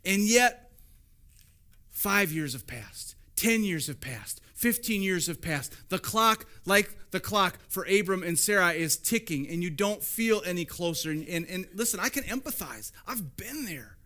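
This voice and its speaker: A man's voice: high voice, expressive, unhurried, pushed and bright. A man preaching a sermon as pastor in a church, conversational and storytelling, repeating lines for emphasis.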